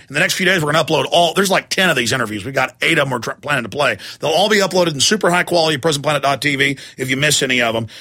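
A man hosting a live talk radio show, loud and hyped, shouting during a fundraising pitch.

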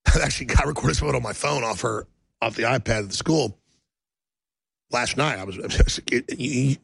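Gravelly, husky talk radio host. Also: male voice, mid-range voice, normal speed, fairly bright tone, dry recording. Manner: emphatic, rambling, voice swings up and down.

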